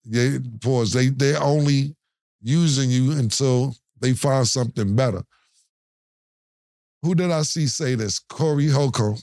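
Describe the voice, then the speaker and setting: Animated male podcast co-host, dry sound. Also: mid-range voice, a little slow, no room sound. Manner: animated storytelling, acts out quotes and laughs often. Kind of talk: casual chat.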